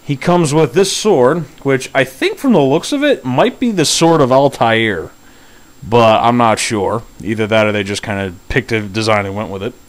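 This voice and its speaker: A man's voice: mid-range voice, lively intonation, normal speed. A man casually reviewing a collectible figure, talking in a chatty, easygoing way as he handles and explains each accessory. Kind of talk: casual product review vlog.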